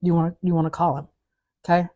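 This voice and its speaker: A woman's voice: fairly low pitch, monotone, fast, mellow. A woman officer telling a story in casual chat, acting out the people in it and laughing through the punchlines. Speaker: corrections officer and co-host.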